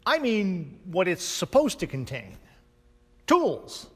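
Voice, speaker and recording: Man, middle-aged pastor, sermon, slow and emphatic, animated pitch, long church reverb. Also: breathy edge. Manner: emphatic, with dramatic pauses and swings in loudness. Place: church sanctuary.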